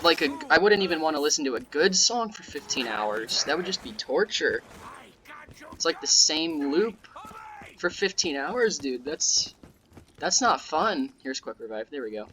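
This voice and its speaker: Young man, flat sarcastic gaming chatter. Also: on the high side, a little slow, slight background noise. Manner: monotone, sarcastic-sounding, rambling with fillers. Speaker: gaming YouTuber. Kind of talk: casual gameplay commentary.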